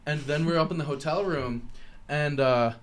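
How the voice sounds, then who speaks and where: A young man hosting a podcast, telling a vivid story in a casual, animated way and acting out quoted lines. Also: a little high, moderate pace. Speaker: podcast host.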